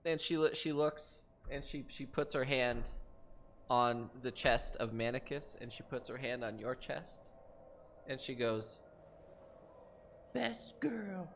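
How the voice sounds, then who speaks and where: A man narrating as game master of a tabletop game, animated and a little stumbling. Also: medium pitch, unhurried, slight background noise.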